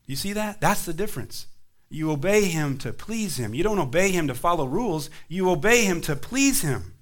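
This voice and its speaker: A man pastor preaching a sermon, swinging between emphatic rises and quiet drops. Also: on the high side, animated, moderate pace.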